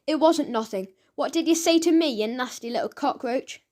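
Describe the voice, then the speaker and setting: A woman's voice: sits high, normal speed, close to an everyday voice. A woman voicing a greedy, menacing male crime boss in a storybook reading, with a sneering, threatening manner.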